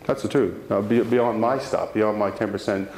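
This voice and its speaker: A man giving a live motivational talk to an audience, telling a personal story with animated delivery and frequent restarts. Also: lowish voice, moderate pace. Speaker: motivational speaker. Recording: roomy hall sound, faint background noise.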